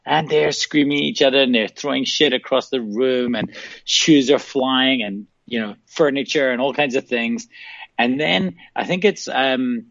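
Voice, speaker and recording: A man's voice: mid-range voice, normal speed, creaky, no echo. Man telling a story down a dull phone line. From South Africa. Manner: animated, laughing anecdotes with acted-out quotes. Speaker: phone-in guest. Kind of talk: casual storytelling.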